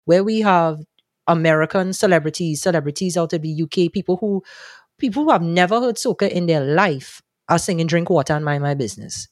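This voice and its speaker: A man's voice: fairly high pitch, a little fast, dry recording. Man, thoughtful and dry. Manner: thoughtful and animated, with frequent restarts. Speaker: guest, soca music commentator. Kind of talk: interview answers.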